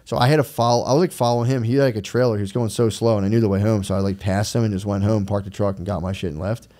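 A man's voice: on the low side, very fast. A man co-hosting a casual podcast, telling stories with lots of swearing and acted-out quotes. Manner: animated storytelling, profane, acts out quotes. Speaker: podcast co-host. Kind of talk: casual chat.

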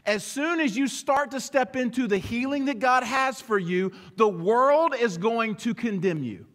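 A man delivers a sermon in a lively preaching manner, slipping into little voices for the people in his examples. His voice sits high for a man. The sound carries a long hall reverb. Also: a little slow. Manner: animated preaching, acting out dialogue. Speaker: pastor.

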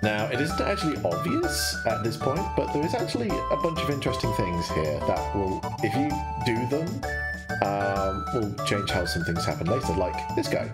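A young man casually commenting on a game he is streaming, chatty, laid-back and self-mocking, over loud game music. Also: on the low side, sing-song, moderate pace.

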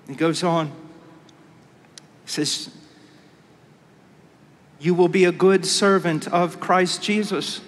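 A man preaching a conference sermon with great passion, dropping to a hush and then rising to a shout. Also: sits high, steady tone, slow pace, pauses often. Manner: impassioned, swings from hushed to shouted. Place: large conference hall. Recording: long hall reverb.

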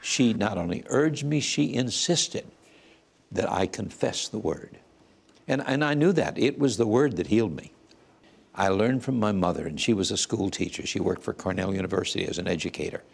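A man's voice: on the low side, animated, moderate pace, vocal fry, husky. A man in his eighties, a guest earnestly telling his life story and acting out the voices he quotes. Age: 80s. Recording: music playing under the voice. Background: soft music.

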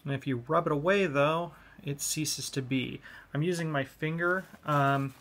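A man's voice: a little high, a little slow, fairly bright tone. A man giving a hobby tutorial on model kits, explaining each step in a laid-back way.

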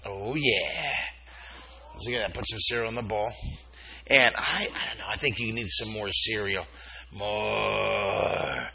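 A man leading a live drawing lesson at a school assembly, animated and playful, coaxing the children to repeat words after him. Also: lowish voice, normal speed, highs cut off. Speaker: drawing teacher.

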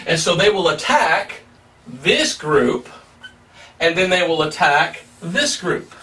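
A man's voice: on the high side, expressive, normal speed, pushed and bright, distant mic. A male pastor preaching a sermon, emphatic and plain-spoken, asking rhetorical questions as he teaches.

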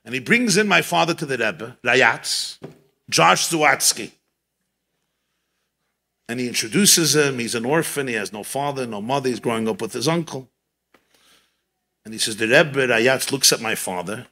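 Forceful, bright-voiced rabbi telling a story. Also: male voice, mid-range voice, moderate pace, pauses often. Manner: lively storyteller, repeats key phrases for emphasis. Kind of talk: animated storytelling talk at a gathering.

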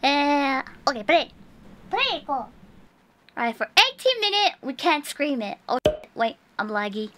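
Speaking a little slowly in a high, slightly bright voice with big pitch swings, a young woman streams a horror game and comments live. Her manner is jumpy, veering from whispers to shrieks, and she drops Japanese words in as she talks.

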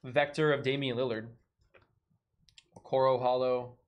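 A man's voice: medium pitch, level tone, a little slow, noisy background. Man joking through a live card break. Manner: joking, rattles off card names.

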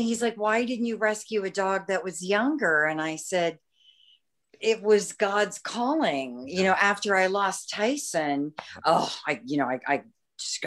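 A woman chatting in a bubbly, talkative way on a video call and laughing often. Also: mid-range voice. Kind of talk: casual video-call chat.

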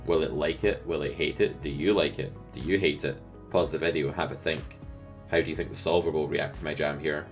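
Very deep-voiced male poker coach. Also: brisk, soft background music. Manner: lively, asks the viewer rhetorical questions. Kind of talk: poker strategy lesson.

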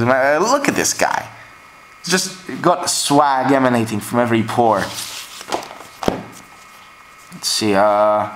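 A man's voice: medium pitch, a little hiss or hum, rough recording. Offhand young man reading track lists. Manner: offhand, shrugs things off with "whatever". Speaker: vlogger showing record pickups.

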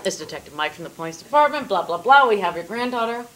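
A woman's voice: mid-range voice, animated, quick pace, close to an everyday voice. A woman voicing a brusque male police detective who speaks in stiff, businesslike official phrases, on a theater stage. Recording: loud background noise, live theater.

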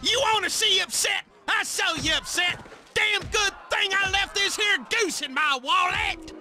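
An actor playing a loud, crude, hot-tempered hillbilly golfer in a video game, hollering in a twangy rural drawl. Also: male voice, very high-pitched, sing-song, unhurried, faint music behind, exaggerated voice. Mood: rowdy. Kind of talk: video game character lines.

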